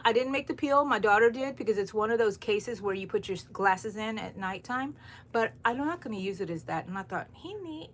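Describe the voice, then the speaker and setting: A woman's voice: mid-range voice, fairly bright tone, a little hiss or hum. A middle-aged woman hosting a crochet livestream from her home, rambling and greeting viewers by name. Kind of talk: chatty live-stream talk to viewers. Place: home room, overcast morning.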